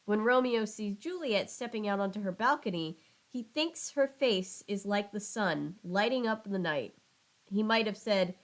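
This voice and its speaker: A woman with a middle-pitched voice reads a children's book aloud in an easygoing, chatty way. She breaks off for side comments now and then. She trips over words and apologizes with a laugh at her own expense. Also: lively intonation, measured pace. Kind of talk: casual read-aloud with chat asides.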